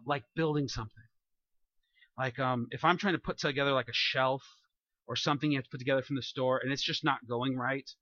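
A man preaching a sermon in a lively, joking way, acting out everyday scenes. His voice sits high and rings bright. The sound is dry and a little dull. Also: no echo. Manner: animated, jokey preaching with acted-out asides. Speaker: pastor.

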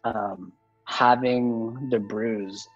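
Brief: young man, mid-pitched, loose rambling storyteller, lo-fi audio with faint music under it. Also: steady tone, drawn-out words. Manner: rambling, heavy "like" fillers, frequent swearing. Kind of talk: casual storytelling.

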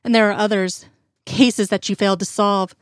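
A woman's voice: medium pitch, fairly even intonation, moderate pace, no echo, clean studio sound, lightly acted. A woman voicing a dead male agent who harshly and relentlessly accuses his former boss. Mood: bitter accusing.

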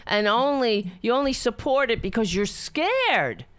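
A woman commenting on a video, sarcastic and swinging from loud rants to low muttering. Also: sing-song, a little slow. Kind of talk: casual reaction commentary.

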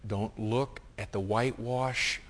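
A man preaching a sermon as pastor, swinging from hushed asides to loud, impassioned reading. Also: fairly low pitch, steady tone, takes it slowly. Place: church sanctuary. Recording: long reverb of a large hall.

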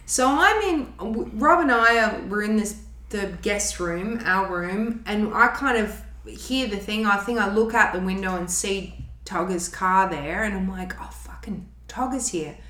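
A woman's voice: mid-range voice, a little slow, pushed and bright, roomy sound. A woman from Australia, chatting casually, chiming in and correcting details of a story.

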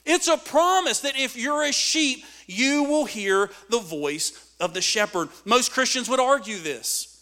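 A man preaching a sermon with dynamic swings between loud emphatic lines and hushed asides. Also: very high voice, animated, unhurried, hardly any pauses. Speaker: pastor.

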